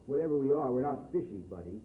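A blunt, wry young man, as a male reader plays him, talking low and quietly in a brotherly way. The recording sounds phone-thin, with echo off the walls. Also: animated, fast, far from the mic, close to an everyday voice. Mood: earnest. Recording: echoey, phone-like, faint hiss.

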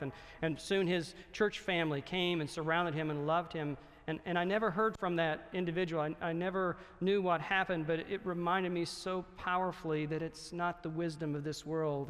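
A middle-aged male pastor telling a story in a sermon, earnest and growing hushed and solemn. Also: on the high side, fairly even intonation, fairly quick, hardly any pauses. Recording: long reverb of a hall.

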